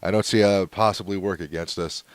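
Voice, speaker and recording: A man's voice: low voice, steady tone, quick pace, no room sound. A man hosting his own podcast, rambling casually through hate mail with lots of fillers and chuckles. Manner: laid-back and rambling, with frequent fillers and chuckles. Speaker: podcast host.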